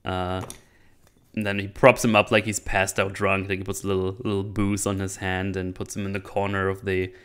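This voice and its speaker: A man's voice: deep voice, monotone, moderate pace, a bit bright, smooth. A man hosting his own channel, recapping a movie in a casual, rambling way, often laughing and acting out characters' lines. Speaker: channel host reviewing a movie.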